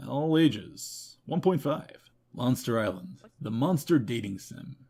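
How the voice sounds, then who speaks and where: Husky, lively man reviewing games. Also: mid-range voice, slow pace. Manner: wry, self-mocking asides. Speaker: host. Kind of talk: rapid game review roundup.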